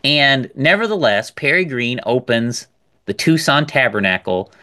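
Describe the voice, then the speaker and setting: Animated, emphatic male podcast co-host. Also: medium pitch, a little slow. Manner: animated, emphatic, repeats words while building a point. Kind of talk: casual podcast discussion.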